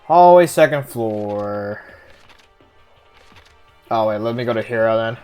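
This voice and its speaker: A woman's voice: a bass voice, animated, slow, mellow, soft background music. A woman streamer giving casual let's-play commentary, rambling, swearing and thinking aloud. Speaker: game streamer.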